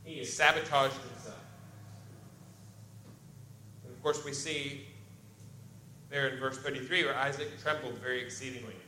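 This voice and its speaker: A man's voice: mid-range voice, fairly even intonation, moderate pace, long pauses, bright, forceful tone. A man preaching a sermon, reading scripture aloud and explaining it in plain everyday talk. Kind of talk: expository sermon. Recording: echoey room with faint ambient noise.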